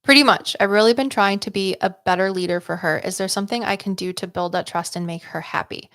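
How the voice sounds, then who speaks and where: Woman, livestream psychic host; casual, upbeat, chatty with many fillers; mid pitch, dry sound. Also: fast talker, fairly bright tone, no echo. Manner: chatty, rambling, full of "like" and "um". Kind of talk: livestream readings chat.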